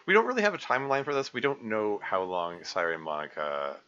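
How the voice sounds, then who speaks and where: A man with a lowish, expressive voice talks fast in a sharp tone, giving casual live commentary as a game developer. He rambles and hesitates, using many fillers. The recording is dull and lo-fi, with faint music in the background.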